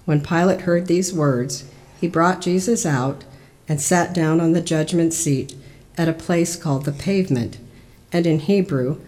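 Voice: medium pitch, a little mellow. Church lector reading Scripture.

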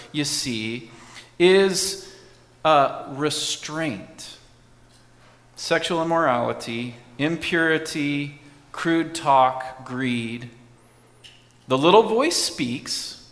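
Animated male preacher in a reverberant hall. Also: on the high side. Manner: conversational preaching, asks the congregation questions. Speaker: pastor. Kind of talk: sermon.

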